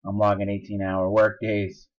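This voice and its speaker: A man's voice: on the low side, completely flat delivery, normal speed, muffled recording, lightly acted. A man voicing a tired founding father in a hammy mock British accent, complaining about overwork. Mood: weary.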